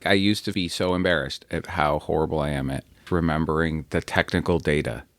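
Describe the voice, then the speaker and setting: A man hosting a podcast and talking with his son, reflective and gently joking. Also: extremely low pitch, steady tone, a little fast, dry recording. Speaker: podcast host, father. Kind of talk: casual chat.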